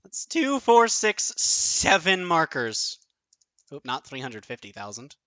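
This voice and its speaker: A man streaming his own online card game tournament, thinking aloud, counting out numbers and swearing often, his voice going a bit hoarse. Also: fairly high pitch, wildly swooping pitch, slow, pushed and bright, no echo. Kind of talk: excited live commentary of own play.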